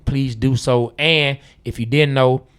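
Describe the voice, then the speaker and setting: A man's voice: medium pitch, fairly even intonation, measured pace, a bit bright, smooth. A man co-hosting a podcast, chatting loosely, teasing his co-host and reading listener comments. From Atlanta, USA. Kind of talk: casual podcast chat.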